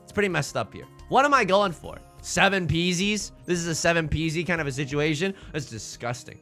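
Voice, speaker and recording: A man giving live mahjong commentary to his chat, theatrical and quick to swing between mock outrage and laughter. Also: on the high side, animated, sharp tone, faint music behind. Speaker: mahjong streamer.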